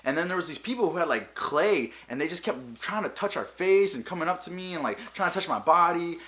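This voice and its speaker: A young man vlogging, telling funny travel stories in a casual, animated way and acting out the people he quotes. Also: a little high, fairly quick. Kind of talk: casual storytelling.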